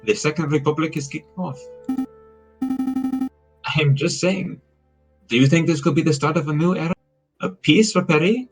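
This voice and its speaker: A man's voice: fairly high pitch, moderate pace, long pauses, soft background music, pitched above the performer's own voice, natural voice. A man voicing a young male sparrow assistant, reading the game's lines in a musing, wondering way.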